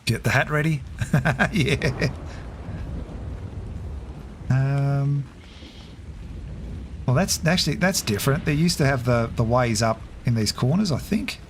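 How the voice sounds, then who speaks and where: A middle-aged man, casually commentating a game on a live stream, chatty and quick to laugh as he thinks aloud. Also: mid-range voice, slight background noise.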